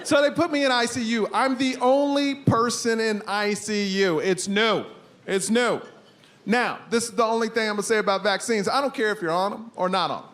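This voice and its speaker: A man in his thirties doing an animated stand-up set on stage, telling a story with crude punchlines into a handheld mic. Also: high voice, fairly quick. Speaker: stand-up comedian. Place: comedy stage before an audience. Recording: live stage recording with background noise.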